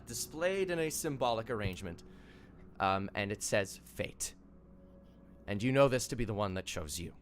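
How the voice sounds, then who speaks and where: A young man narrating a tabletop game as dungeon master, animated and laughing, with halting fillers. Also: on the low side, a little hiss or hum.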